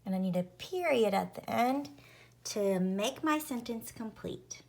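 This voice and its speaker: A woman teaching a phonics lesson to young children, sounding out each letter slowly and clearly. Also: a little high, animated, a little mellow.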